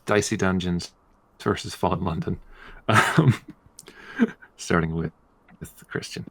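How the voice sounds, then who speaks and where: A man's voice: deep voice, vocal fry, fairly bright tone. A man hosting a casual group podcast vote, calling out each name and laughing often. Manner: calls names slowly, laughs often. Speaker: host running a game bracket vote.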